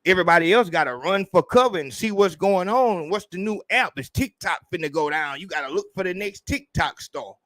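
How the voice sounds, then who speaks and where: A man hosting a podcast, ranting casually in a profane, animated way and mimicking people in mocking voices. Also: sits high, fairly quick, hardly any pauses, no echo, studio quality. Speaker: podcast host. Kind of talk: casual rant.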